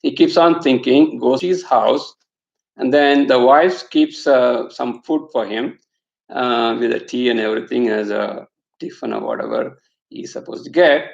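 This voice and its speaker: A man's voice: mid-range voice, a little slow, vocal fry. Man telling a teaching story. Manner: storytelling, acts out quotes, rhetorical asides. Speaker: spiritual teacher. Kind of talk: satsang talk with storytelling. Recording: echoey room, slightly dull sound.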